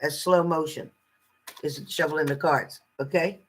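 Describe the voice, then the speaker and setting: A woman's voice: deep voice, steady tone, unhurried, slightly rough, rough recording. A woman giving a casual live-stream tarot card reading, chatty and salty, greeting viewers fondly and swearing freely.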